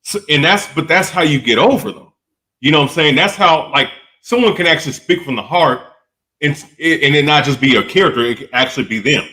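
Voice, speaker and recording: A man's voice: on the high side, animated, fairly quick, sharp tone. A man co-hosting a casual wrestling debate, talking in loose, self-correcting sentences and often asking "you know what I'm saying?".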